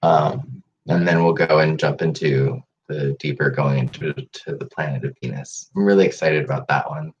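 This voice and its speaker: Man, meditation host, low voice, cheerful, chatty, lo-fi stream sound, faint hiss. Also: fairly even intonation, moderate pace. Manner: laughs often, upbeat, chatty with fillers. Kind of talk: casual live-stream guided meditation. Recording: dull lo-fi live-stream audio with faint noise.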